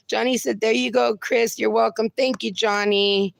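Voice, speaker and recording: A woman hosting a casual livestream from home, reading out viewer comments and greeting each person warmly with pet names like darling. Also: fairly high pitch, steady tone, normal speed, gravelly, hardly any pauses, dry recording. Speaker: livestream host. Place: home with dogs.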